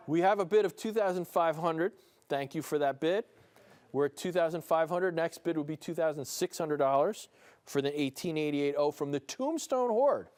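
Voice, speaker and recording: A man with a New Jersey accent calls bids on a live broadcast auction. His voice sits a little high, and his delivery is upbeat and playful. He often slips a chuckle in between the price calls. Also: a little mellow. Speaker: auctioneer and show host. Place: studio room with a small audience.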